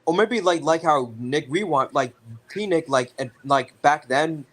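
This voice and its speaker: A man chatting casually and eagerly, jumping in with quick remarks. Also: fairly high pitch, fairly bright tone. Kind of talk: casual chat.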